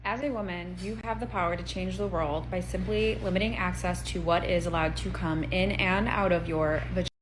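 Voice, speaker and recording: A woman's voice: fairly low pitch, fairly even intonation, brisk, few pauses, noisy background. A woman making an assertive, persuasive social media commentary.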